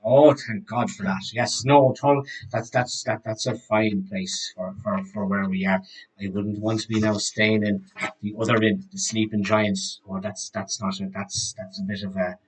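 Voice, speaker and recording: A man's voice: lowish voice, flat delivery, normal speed, close to an everyday voice, rough recording. A man voicing a chatty, gossipy middle-aged frontier shopkeeper who rambles and restarts his sentences in a tabletop game. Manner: rambling, hesitant, full of restarts. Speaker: game master.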